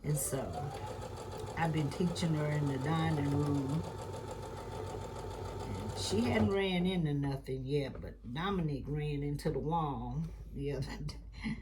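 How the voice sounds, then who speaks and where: This quilting host keeps her voice low and her pace measured while rambling casually about her family during a sewing tutorial. Sometimes she drops into soft mutters, and the background is noisy.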